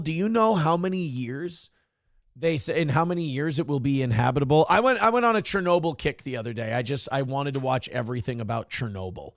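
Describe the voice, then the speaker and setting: A man's voice: fairly high pitch, no room sound, clean studio sound. A man hosting a morning show, chatting casually, reading viewer comments, and swearing and joking at his own expense. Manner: profane, joking, self-mocking rants.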